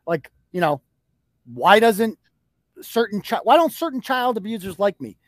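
A man's voice: sits high, very animated, normal speed, no room sound. A man hosting a podcast, ranting in a profane, combative and mocking way. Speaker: host. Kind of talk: heated podcast rant.

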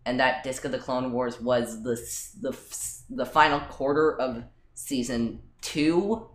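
A man's voice: medium pitch, fairly even intonation, measured pace. A man co-hosting a casual podcast chat, hesitating with many ums and restarts. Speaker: podcast co-host. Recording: roomy echo.

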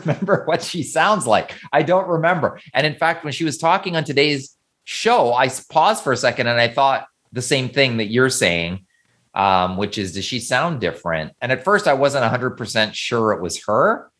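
A man's voice: medium pitch, fairly bright tone. A man co-hosting a podcast in casual chat, hesitant and restarting his sentences. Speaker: podcast co-host.

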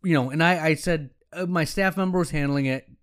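Optometrist guy telling a story, chatty and frank, smooth clear voice a bit on the high side. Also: fairly quick, a bit bright. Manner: conversational and frank, quoting himself and others as he tells the story. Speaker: optometrist and practice owner. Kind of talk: casual storytelling talk.

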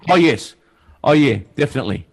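A man's voice: a little high, lively intonation, fairly quick, gravelly, breathy edge. A man co-hosting a casual tech podcast with dry, sarcastic humor. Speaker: podcast co-host.

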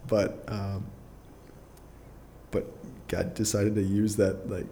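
Young adult male guest, low mellow voice, casual rambling storyteller, chuckles often. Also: level tone, slow pace, a little hiss or hum. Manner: rambling, filler-heavy, restarts often, chuckles through his story. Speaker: podcast guest. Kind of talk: casual personal storytelling in an interview.

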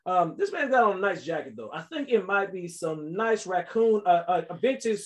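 A man with a notably high voice co-hosts a loose, comedic podcast. He cracks jokes, riffs on the story and cuts in often with quick asides. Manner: animated, joking, interjects often. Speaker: podcast co-host. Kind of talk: casual comedic podcast banter.

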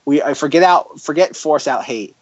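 A man's voice: on the high side, normal speed, dry recording, muffled recording. A man hosting a podcast in casual chat, exclaiming and repeating himself as he talks. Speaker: podcast host.

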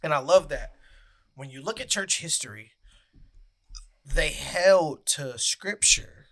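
A man with a bright, forceful voice co-hosts a relaxed podcast chat. He talks earnestly, with easy fillers, and keeps getting hiccups. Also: on the high side, slow. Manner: earnest, laughs while hiccuping. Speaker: podcast co-host. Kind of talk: casual podcast chat, reading a confession aloud.

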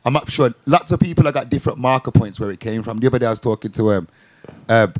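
Fast-talking, slangy man telling a story. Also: medium pitch. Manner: animated storyteller, slangy, with lots of "you get me". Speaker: guest artist. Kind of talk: casual chat.

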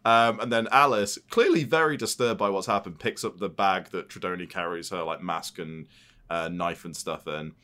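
A man's voice: low voice, moderate pace, sharp tone. A man co-hosting a podcast, recapping a film plot in casual, profane and jokey chat. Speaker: podcast co-host.

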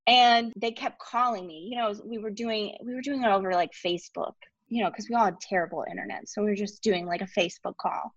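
A woman's voice: mid-range voice, a little fast, dry recording. Woman in her 30s telling a story on a podcast, chatty, kinda dull dry sound. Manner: animated, many "like" fillers, laughs often. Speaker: podcast guest. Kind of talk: storytelling in casual interview.

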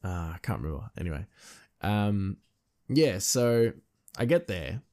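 A man's voice: low-pitched, sing-song, a little slow, a little mellow. A young man telling a casual story, rambling with lots of fillers and frequent laughter. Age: young adult. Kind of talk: casual anecdote.

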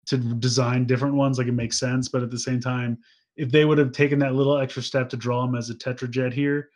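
A man's voice: mid-range voice, little pitch movement, a little fast, darkish tone. A man co-hosting a podcast in casual chat, rambling, laughing often and tripping over his words. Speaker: podcast co-host.

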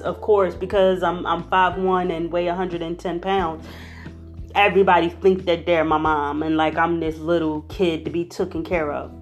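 A young woman telling a personal story in a lively, conversational, slangy way. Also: fairly low pitch. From Philadelphia.

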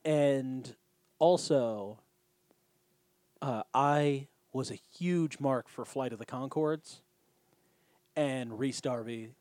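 A man talking through a show recap in a loose, casual way, swearing freely as he goes. His voice sits at an ordinary middle pitch. It is recorded close and dry, with no room sound. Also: slow, long pauses, darkish tone, no room sound. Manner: swears freely, acts out scene dialogue. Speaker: podcast co-host.

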